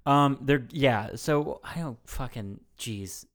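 This podcast co-host has a mid-range voice and speaks slowly as he retells a movie's plot on a casual film podcast. He's animated, swears a lot, and laughs often.

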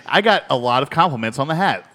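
A man's voice: medium pitch, expressive, quick pace, sharp tone, long reverb tail. A man co-hosting a casual podcast, telling rambling, profane stories between laughs. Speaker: podcast co-host. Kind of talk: casual beer podcast banter.

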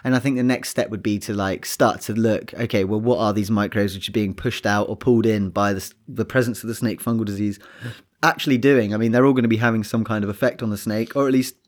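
A man co-hosting a casual science podcast, thinking aloud in a relaxed way with frequent restarts. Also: fairly low pitch, fast. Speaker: podcast co-host.

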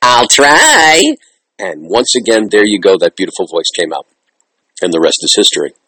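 A man hosting an interview, animated and enthusiastic, quick to praise his guest. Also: deep voice, slightly rough, no echo, poor audio. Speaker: interview host. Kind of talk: casual interview.

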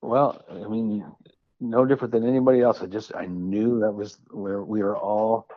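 A man, a musician guest, talking casually in an interview, rambling with halting restarts and self-deprecating asides. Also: fairly low pitch, steady tone, no echo, muffled recording.

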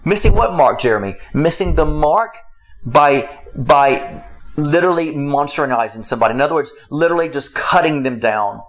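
A man giving a faith-based talk on marriage, emphatic and repetitive, with his pitch swinging up and down. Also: lively intonation, normal speed, rough recording. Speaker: marriage teacher.

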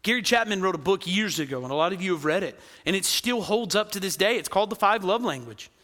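A man preaching a lively sermon, often asking the crowd "right?" and acting out quoted voices. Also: high-pitched, quick pace, long reverb tail. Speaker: pastor.

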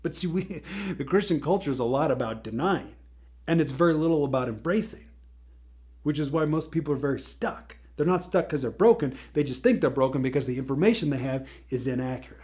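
Animated man telling a story. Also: mid-range voice, brisk. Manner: animated storyteller, laughs often, repeats words. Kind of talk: casual motivational talk.

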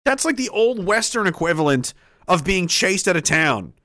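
Lively, profane commentator man. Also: high-pitched, normal speed, no room sound, clean studio sound. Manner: profane, laughing, rambling. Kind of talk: political commentary vlog.

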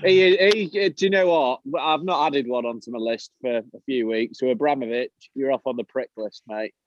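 A man's voice: medium pitch, moderate pace, muffled recording. A man co-hosting a podcast, blunt and wry with plenty of swearing. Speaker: podcast co-host. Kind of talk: casual chat.

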